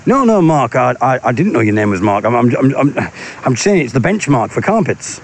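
A man playing a jumpy, paranoid man who stammers excitably. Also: medium pitch, a little fast, creaky, a little hiss or hum. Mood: flustered.

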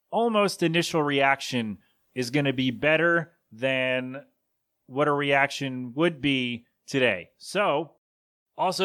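A man's voice: mid-range voice, a bit bright. A man in his thirties hosting a podcast, telling a story in a casual, rambling way that corrects itself as he goes. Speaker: podcast host.

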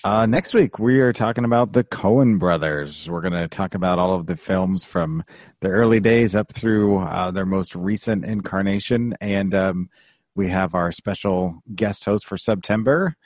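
A man's voice: deep voice, unhurried, a little mellow, no room sound, clean studio sound. A man co-hosting a podcast in casual chat, making brief asides and announcing the next episode. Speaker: podcast co-host.

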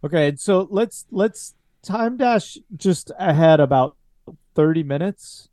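Easygoing guy game master, slightly high voice, dry close mic. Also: no echo. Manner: relaxed, informal, halting. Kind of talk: running a tabletop game.

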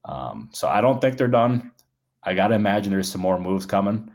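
Deep-voiced male baseball insider. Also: very animated, moderate pace, darkish tone. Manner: conversational, hedging with "like" and "um". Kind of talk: casual podcast analysis.

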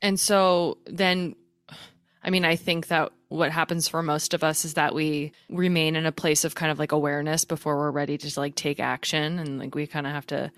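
A woman's voice: deep voice, little pitch movement, normal speed, fairly bright tone, smooth, no room sound. A woman hosting a podcast interview, reflective and casual, swearing freely as she asks questions. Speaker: podcast host.

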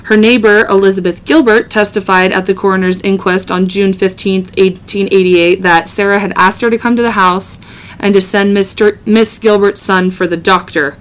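A woman's voice: medium pitch, steady tone, moderate pace. A woman hosting a podcast, casually narrating a true-crime case with joking asides and many ums. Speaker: podcast host.

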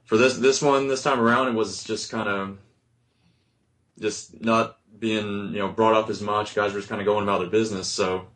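A man's voice: fairly low pitch, fairly even intonation, normal speed, fairly bright tone. A man on a podcast panel talking in a casual, hesitant way, full of ums and restarts. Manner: hesitant, many ums and kinda. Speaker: reporter on the panel.

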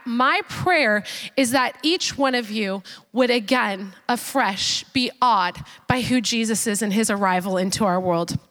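High-voiced woman preaching playfully. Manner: lively and self-mocking, with playful asides to the congregation. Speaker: pastor. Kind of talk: sermon with personal storytelling. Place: church service.

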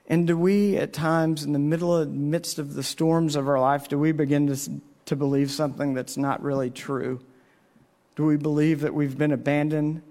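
A man's voice: on the high side, darkish tone. A man preaching a sermon in an earnest, storytelling way, his voice rising on the questions he asks. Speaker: pastor.

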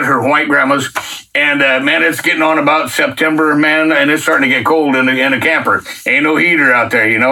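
Middle-aged male testimony guest, a bit higher-pitched, casual and animated, heard off-mic. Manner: folksy and colloquial, animated retelling. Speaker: guest sharing a faith testimony. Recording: distant mic.

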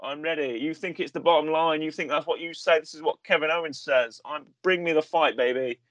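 A man's voice: on the high side, a little fast, fairly bright tone, dry recording, highs cut off, natural voice. A man voicing a brash male wrestler who taunts and calls out his rival, in a boastful manner. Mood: taunting.

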